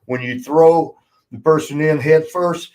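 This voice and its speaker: A former wrestler hosting a podcast tells wrestling road stories in casual chat, laughing often, swearing freely and retelling them with lively, voiced quotes. His voice is a little high and his pace measured.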